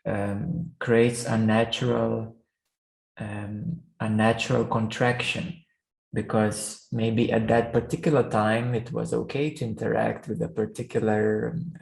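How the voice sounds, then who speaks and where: A man teaches meditation in a slow, unhurried way, and his voice has a gravelly, crackly edge. He halts often, repeating words and filling gaps with "um" as he works toward each thought. The sound is roomy, with noticeable echo around him. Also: mid-range voice, darkish tone. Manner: slow, halting, many restarts and fillers. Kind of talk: spiritual teaching talk. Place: room.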